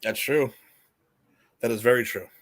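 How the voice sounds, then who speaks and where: A man in casual podcast chat who rambles, laughs often and restarts his sentences. His voice sits at an ordinary middle pitch for a man. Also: fairly even intonation, normal speed. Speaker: podcast co-host.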